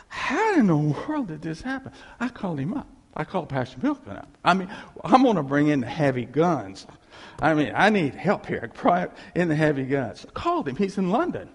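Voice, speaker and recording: A man preaching a sermon, telling stories in an animated way and acting out the voices of the people in them. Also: fairly high pitch, slightly rough, big-room sound. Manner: animated storytelling, acting out quoted voices with laughs.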